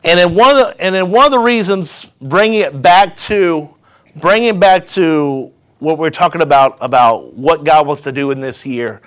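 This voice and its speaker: A man's voice: on the high side, moderate pace, fairly bright tone. A man, a pastor, preaching a sermon, telling a story and leading with call-and-response asides.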